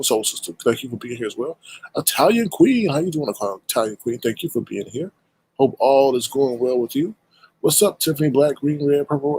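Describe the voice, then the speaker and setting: A man's voice: medium pitch, husky, low-quality recording. A man hosting his own livestream show, greeting viewers one by one in a casual, playful way. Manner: playful, animated shout-outs with drawn-out greetings. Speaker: show host and creator.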